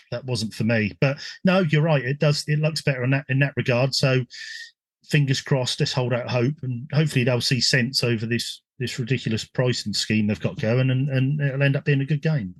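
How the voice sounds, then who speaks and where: A man's voice: mid-range voice, no room sound. An English man hosting a casual gaming podcast, chatty, with frequent ums and restarts. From England. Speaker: podcast host.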